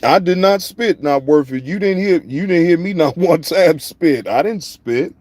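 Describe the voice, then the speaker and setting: A man's voice: a little high, lively intonation, unhurried, a little mellow, dry recording. A man hosting a casual live-stream reaction show, speaking, profane and repetitive, addressing viewers in the chat by name.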